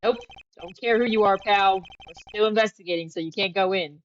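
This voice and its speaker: A woman's voice: mid-range voice, fairly quick, slight background noise, lightly acted. Woman reading as a scruffy, broke detective guy. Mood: blustery. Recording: dull lo-fi audio. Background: game music.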